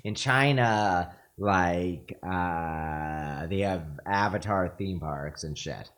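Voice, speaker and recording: A man's voice: sits low, drawn-out words, a bit bright. A man co-hosting a podcast, chatting in a casual, opinionated way with offhand fillers.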